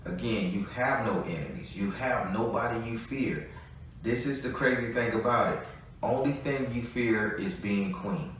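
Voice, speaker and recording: A man's voice: on the low side, unhurried, a bit bright, slight background noise. A man giving a live tarot reading, talking bluntly and freely, with a good deal of swearing. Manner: blunt, profane, chatty. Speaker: tarot reader. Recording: echoey room, voice from a distance.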